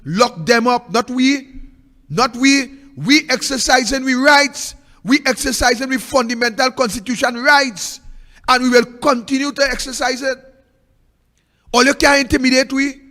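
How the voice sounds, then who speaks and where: A man's voice: extremely high pitch, normal speed, bright, forceful tone, in a large hall. A man with a Trinidadian accent hosting a political commentary show, ranting in a fiery, repetitive way that sometimes turns sing-song. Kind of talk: impassioned political monologue.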